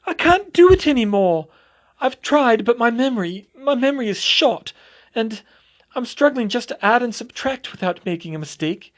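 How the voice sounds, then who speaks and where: A man voicing a distraught middle-aged woman teacher who rambles in halting, broken sentences and sobs. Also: high-pitched, lively intonation, pitched above the performer's own voice. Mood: sobbing. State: sobbing.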